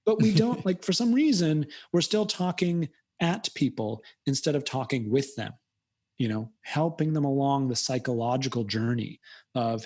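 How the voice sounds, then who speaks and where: Animated, slightly husky-voiced American man. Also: a little high, fairly quick. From United States. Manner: animated, acts out quoted voices, long-winded. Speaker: podcast guest. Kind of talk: casual conversational interview. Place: Fairfield County, Connecticut.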